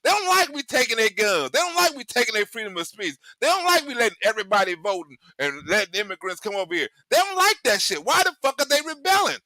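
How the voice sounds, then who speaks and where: A male host giving rambling, profane political commentary in an animated way, cursing heavily. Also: very high-pitched, fast talker, hardly any pauses, dry recording.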